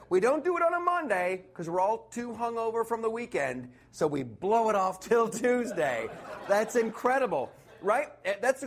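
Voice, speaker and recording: A man from the United States delivering a sarcastic stand-up comedy monologue, laughing at his own jokes. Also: high voice.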